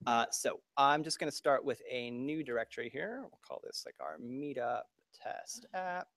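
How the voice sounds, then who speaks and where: A man giving a live-coding talk, explaining in a quick, loose way full of fillers like "like" and "right?". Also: mid-range voice, big pitch swings, fairly bright tone, no room sound. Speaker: speaker doing live coding.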